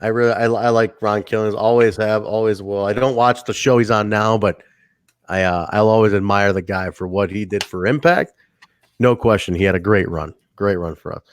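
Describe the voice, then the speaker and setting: Speaking at normal speed in a fairly low voice, a podcast co-host reviews wrestling casually. He laughs frequently, stays animated, and acts out the wrestlers' quotes. There's no echo.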